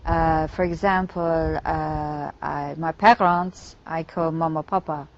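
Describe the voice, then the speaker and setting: A woman's voice: sits low, steady tone, slow. An older woman giving an interview, speaking in short, clipped sentences that drop small words. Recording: dull lo-fi broadcast clip.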